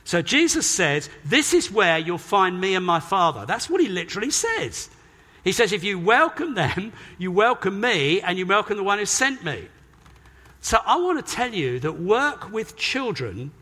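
A British man preaching a sermon in a church, emphatic and animated, acting out quoted voices as he explains a passage. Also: high voice. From Britain. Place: church hall. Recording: long hall reverb.

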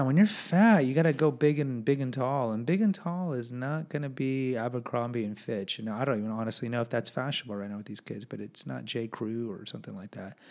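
A young man with a gravelly voice at an ordinary pitch, reading from his own life story and breaking off to comment. He talks in a candid, self-deprecating way, full of restarts and side remarks. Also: a little mellow. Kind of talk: casual personal storytelling.

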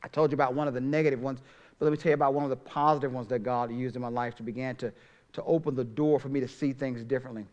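A middle-aged man preaching a sermon as pastor, swinging from soft, drawn-out phrases to loud, emphatic ones. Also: medium pitch, steady tone, highs cut off.

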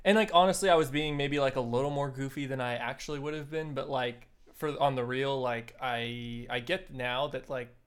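A man's voice: medium pitch, steady tone, moderate pace, hardly any pauses, clean tone. A man improvising as a nervous groom in a comedy scene, goofy and rambling. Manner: goofy, rambling, says "like" a lot. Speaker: improv participant playing a groom. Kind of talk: improvised comedy role-play.

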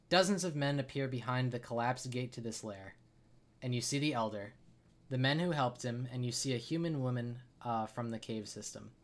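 Man narrating as game master. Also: medium pitch. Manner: many filler uhs, restarts.

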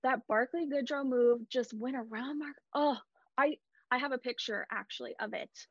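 A woman retelling a night as a hockey fan, animated and emphatic, recorded dull and dry. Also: high voice, moderate pace, dry recording. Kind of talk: excited fan storytelling.

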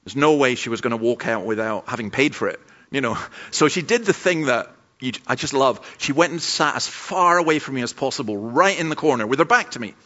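A man's voice: mid-range voice, expressive, a little fast, few pauses, fairly bright tone. Man preaching in a lo-fi recording. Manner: conversational storytelling with asides. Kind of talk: sermon. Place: church camp gathering. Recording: dull lo-fi sermon recording.

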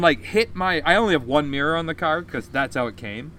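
A man telling a story on a casual podcast, swearing often and animated. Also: a little high, fairly quick, slight background noise. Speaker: podcast co-host.

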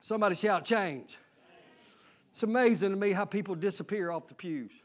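A man, preaching a sermon as lead pastor, calling out to his congregation and breaking into shouts. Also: sits high, fairly quick.

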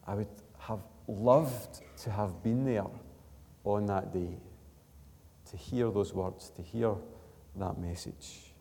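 A man preaching a sermon as pastor, his voice slightly strained, earnest and building to emphatic peaks before dropping soft. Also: on the low side, fairly even intonation, takes it slowly, creaky, long reverb tail. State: struggling voice. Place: church.

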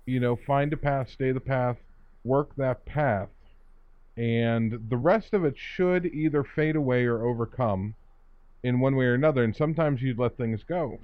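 A man in a casual discussion, talking in a reflective, measured way and often restarting his phrases. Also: medium pitch, no room sound. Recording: dull dry lo-fi sound.

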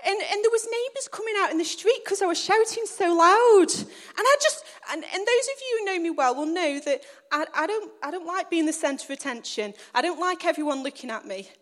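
A woman on a stage, preaching through a lively personal story she acts out. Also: very high-pitched, a little fast. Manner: animated storytelling, acting out scenes. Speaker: church speaker.

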